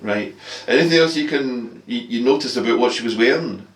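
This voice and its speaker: A man's voice: medium pitch, brisk. A man hosting a ghost-story show, telling the tale and interviewing with many hesitations and restarts. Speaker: host. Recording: roomy sound from a distance.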